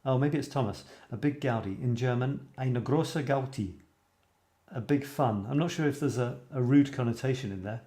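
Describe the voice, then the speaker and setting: A man chats casually on a live stream, musing aloud over viewer comments with plenty of ums and restarts. His voice is mellow and dark, and the recording has a roomy echo. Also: mid-range voice, brisk, few pauses. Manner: chatty, musing aloud, frequent fillers and restarts. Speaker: host of a photography live stream.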